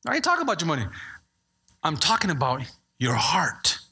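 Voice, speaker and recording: Animated husky-voiced male preacher. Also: on the high side, brisk. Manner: animated preaching, playful asides to the congregation. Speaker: pastor. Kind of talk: sermon.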